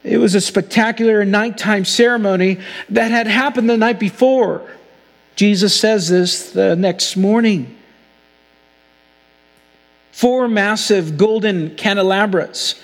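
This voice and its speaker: A man preaching a sermon as pastor, earnest and slowing down to stress key phrases. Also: high voice, in a large hall. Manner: earnest preaching, slows for emphasis.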